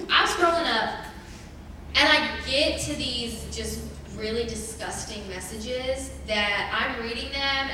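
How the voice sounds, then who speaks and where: A young woman sharing a personal testimony with a church congregation, chatty and animated, with many "like" fillers. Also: a little high. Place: church hall. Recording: very echoey church hall, distant mic, faint noise.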